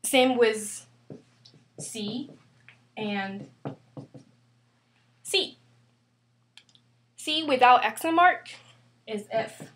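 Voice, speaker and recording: A woman teaching a grammar lesson, slowly and carefully spelling out each example. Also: on the high side, expressive, a bit bright, a little hiss or hum. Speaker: Spanish teacher.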